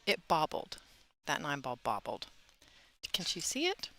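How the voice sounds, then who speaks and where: A woman's voice: deep voice, wildly swooping pitch, unhurried, creaky, pushed and bright. A woman who plays and commentates pool, explaining things in a friendly way. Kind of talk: casual sports commentary.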